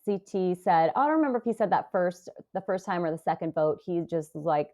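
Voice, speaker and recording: A woman's voice: on the low side, expressive, a little fast, hardly any pauses, mellow. A woman in her forties, a podcast guest, retelling an emotional experience with many hesitations and fillers. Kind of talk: casual interview storytelling.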